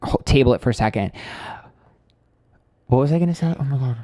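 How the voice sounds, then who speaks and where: A man's voice: mid-range voice, expressive, brisk, mellow, no echo, studio quality. A man reading tarot on a live stream, chatting casually, blunt and candid, ranting with swearing and lots of fillers.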